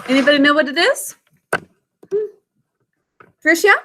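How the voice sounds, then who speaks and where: A woman's voice: sits high, measured pace, bright, forceful tone, a little hiss or hum. A woman teaching a reading and spelling lesson over a video call, sounding out words syllable by syllable and encouraging her pupils.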